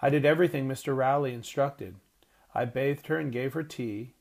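A man reading an audiobook voicing a kind, protective woman who speaks gently and calmly. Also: medium pitch, normal speed, lightly acted. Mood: anxious. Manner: gentle and calming.

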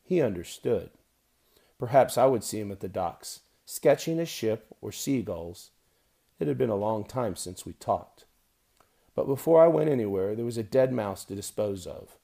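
A man narrating an audiobook in a measured, wry storytelling manner. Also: fairly low pitch, expressive, gravelly, mellow. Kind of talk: scripted narration.

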